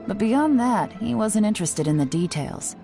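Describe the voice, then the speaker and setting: A woman voicing a calm, shrewd young female traveler in video game dialogue, measured and politely formal. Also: medium pitch, faint music behind, lightly acted. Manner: measured, playfully formal when flattering.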